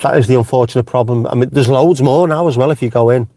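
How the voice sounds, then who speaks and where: A man's voice: mid-range voice, fast talker, warm tone. Middle aged guy live streaming from his car, chatty, swears a lot, jumps between jokes. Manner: chatty, swears freely, jokey tangents. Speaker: vlogger host. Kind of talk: casual live-stream chat. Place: inside a car.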